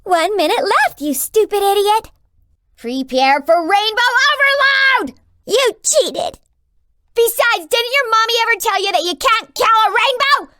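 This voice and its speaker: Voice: very high voice, expressive, measured pace, pushed and bright, no echo, studio quality, full character voice. An actor voicing a mocking, gleeful rainbow boss in a video game, sneering and sing-song as it taunts the player. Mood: gloating.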